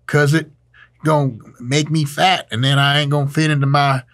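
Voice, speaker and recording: A man's voice: flat delivery, moderate pace, fairly bright tone. A man putting on a drawling Southern good old boy. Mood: folksy. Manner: drawling, slangy, high-spirited.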